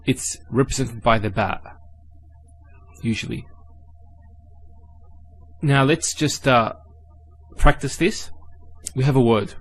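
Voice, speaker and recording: Speaking at a medium pitch, a male teacher goes over Arabic letters and vowels in a spoken lesson. He's methodical and patient, slowly sounding out each syllable of a word before repeating it.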